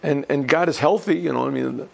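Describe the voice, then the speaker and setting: A man, a rabbi, giving an informal Torah lesson, often clearing his throat and restarting his sentences as he thinks aloud. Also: fairly high pitch, fairly quick. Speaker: rabbi teaching a yeshiva class.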